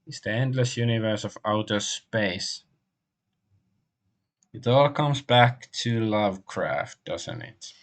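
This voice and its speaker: A man streaming a game, translating the on-screen text aloud as he goes, with frequent pauses and restarts. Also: lowish voice. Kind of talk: live game stream commentary.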